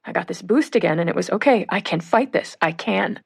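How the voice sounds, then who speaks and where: A woman reading first-person witness accounts for an audiobook in a measured way. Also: on the low side, creaky, slightly rough. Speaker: audiobook reader.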